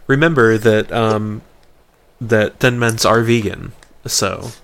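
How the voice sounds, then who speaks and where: Casting: low gravelly young dad, dry and laid-back in casual chat. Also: male voice, slow, a crowd in the background. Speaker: parent.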